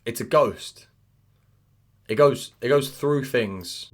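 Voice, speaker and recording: A young man reacting to odd online listings in comedic commentary, animated and profane, with mumbled asides. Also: mid-range voice, slow pace, long pauses. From United Kingdom. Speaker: commentary host.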